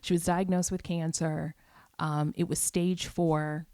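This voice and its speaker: A woman hosting a podcast, telling a personal story in a candid, reflective way, sometimes dropping to a soft whisper and speaking casually with the odd curse. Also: low voice, little pitch movement, measured pace, dry recording, clean studio sound. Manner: casual, occasionally profane. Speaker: podcast host.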